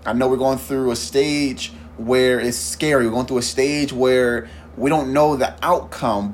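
A fervent podcast preacher who prays and preaches by turns. The speaker keeps coming back to the same words and asks listeners earnest questions, at a middle pitch. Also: slight background noise. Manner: fervent, repeats "Father God" often. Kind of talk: prayer and sermon.

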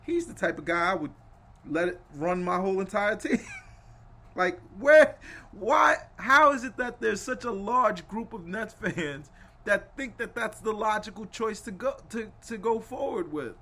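A man hosting a casual sports podcast, animated and laughing, swinging between loud rants and low asides. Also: measured pace. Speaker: podcast host.

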